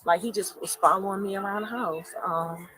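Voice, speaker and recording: A woman giving a halting, rambling firsthand account to police indoors at a home, full of fillers. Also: mid-range voice, fairly even intonation, bright, forceful tone, poor audio. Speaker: interviewee recounting to police.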